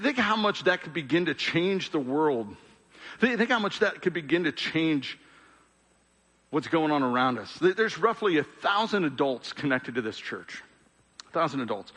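A middle-aged man preaching a sermon as pastor, conversational and earnest, often restarting words, swinging between emphatic raised passages and soft, quiet pleas. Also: fairly high pitch. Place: large church hall. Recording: long hall reverb.

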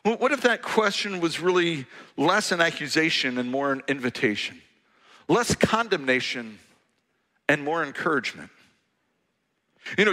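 A man preaching a sermon, telling stories with humor and lively animation. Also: sits high, moderate pace, big-room sound. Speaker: pastor.

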